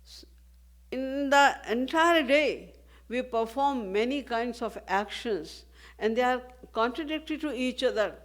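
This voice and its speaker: Slow, measured woman giving a devotional talk. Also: a little high. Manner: measured, with rhetorical questions. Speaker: spiritual teacher. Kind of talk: devotional discourse.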